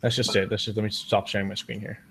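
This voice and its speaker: A man's voice: on the low side, level tone, quick pace, fairly bright tone, slight background noise. A man, a streamer and podcast guest, telling stories in casual chat, rambling and swearing with many restarts.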